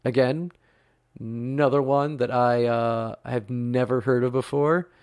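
A man's voice: mid-range voice, fairly even intonation, a little slow, a little mellow, clear, resonant tone, dry recording, clean studio sound. A man in his thirties from the United States, hosting a podcast in a chatty, rambling way with lots of fillers. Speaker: podcast host. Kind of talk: casual podcast talk.

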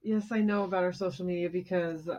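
A woman's voice: on the low side, steady tone, fast, dark tone, a little hiss or hum. A woman co-hosting a podcast, dryly teasing her co-host in casual banter. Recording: dull lo-fi home recording.

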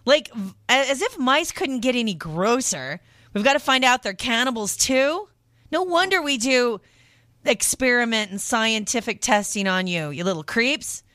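A woman hosting a radio shopping show, chatting casually and animatedly, reacting with loud disgust and telling stories. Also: a little high, animated, unhurried, dry recording, clean studio sound. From lived in New York.

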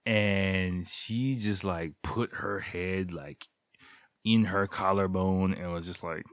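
A man's voice: sits low, fairly even intonation, slow pace, fairly bright tone, dry recording, clean studio sound. A man in his thirties casually telling a rambling, profane personal story, full of fillers and restarts. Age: 30s. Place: living in Japan.

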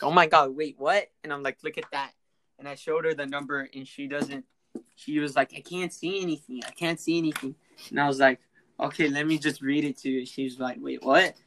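A teenage boy hosting a casual podcast, telling a prank story in an excitable, laughing, slangy way and acting out the voices. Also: mid-range voice, a little hiss or hum, low-quality recording. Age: teens. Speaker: podcast host.

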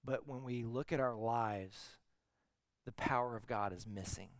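A man's voice: mid-range voice, measured pace, no room sound. Man preaching a dry, close-miked sermon. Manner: conversational storytelling preaching, swings from soft to emphatic. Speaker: teaching pastor.

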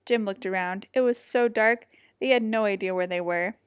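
A woman reading a children's picture book aloud in an expressive, animated way. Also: medium pitch, normal speed, clean tone, no room sound, clean studio sound. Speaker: storybook reader.

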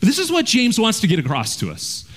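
A man's voice: sits high, huge pitch swings, fast, a bit bright. A male pastor preaching a verse-by-verse sermon in a direct, conversational way, often checking in with "right?".

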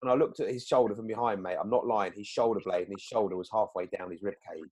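A man telling a story in casual chat, animated, acting out quoted lines with big jumps in pitch. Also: fast talker, slightly rough.

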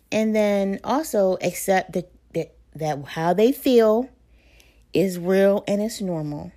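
A woman's voice: medium pitch, warm tone. A woman in her thirties or forties, a mother talking through parenting advice in a casual, conversational way, with fillers and self-corrections. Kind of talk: casual advice talk to camera.

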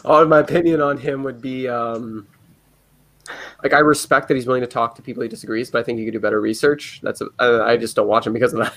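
A man's voice: mid-range voice, steady tone, fast, fairly bright tone. A man chatting casually about politics as a guest, rambling and hesitant, with many fillers and restarts. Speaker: guest commentator.

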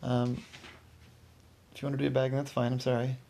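A man's voice: mid-range voice, monotone, a little fast, creaky, dark tone, a little hiss or hum, lightly acted. A man voicing a polite female clerk. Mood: apologetic. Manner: polite, apologetic.

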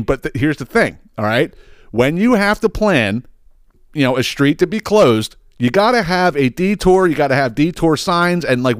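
A man hosting a podcast, telling a long, profane, animated rant full of restarts. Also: medium pitch, clean tone, no room sound, clean studio sound. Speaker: podcast host. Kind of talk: ranting storytelling.

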